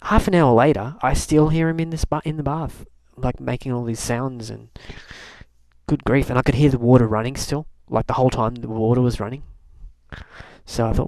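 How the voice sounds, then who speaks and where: A man's voice: medium pitch, fairly even intonation, brisk, vocal fry, darkish tone, dry recording. A young man from Canada telling a rambling, wry diary-style story, full of fillers and restarts. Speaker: video blogger. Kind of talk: casual rambling diary talk.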